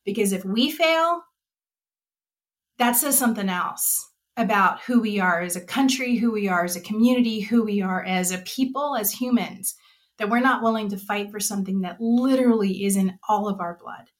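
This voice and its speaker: A woman's voice: medium pitch, moderate pace. A middle-aged woman speaking passionately and from the heart as a nonprofit director in a podcast interview. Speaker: executive director of a trail nonprofit.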